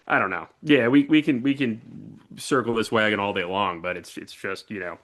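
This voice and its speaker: A man co-hosts a podcast in relaxed, casual chat. His voice sits a little low, and he grows animated as he walks through scenes. He talks easily and lets his enthusiasm show. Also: normal speed. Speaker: podcast co-host.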